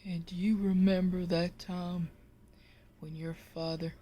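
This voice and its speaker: A woman voicing a weepy, solemn middle-aged husband in her own low, slow voice. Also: little pitch movement, warm tone.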